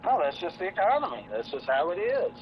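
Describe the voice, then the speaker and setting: A man's voice: sits high, sing-song, fast talker. A young man arguing back at his father, defensive and sarcastic. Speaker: adult son. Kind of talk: heated family argument. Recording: dull lo-fi sound with crowd noise behind. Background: crowd.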